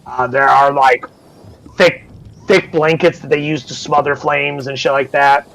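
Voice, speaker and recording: A man's voice: medium pitch, steady tone, unhurried, creaky, fairly bright tone, rough recording. A man running a tabletop game as game master, narrating casually and swearing freely. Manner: casual, swears freely, acts out crew voices.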